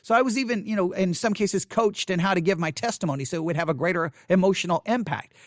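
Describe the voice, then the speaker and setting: A man's voice: high voice, fast, no echo, clean studio sound. Earnest man pleading. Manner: earnest and pleading, with emphatic repeated phrases. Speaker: podcast host. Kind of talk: impassioned commentary. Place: home studio in Texas.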